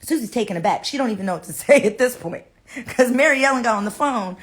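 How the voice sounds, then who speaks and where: A woman's voice: fairly high pitch, fast talker. A woman on a phone livestream, telling a story in a playful, dramatic way. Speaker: social media personality.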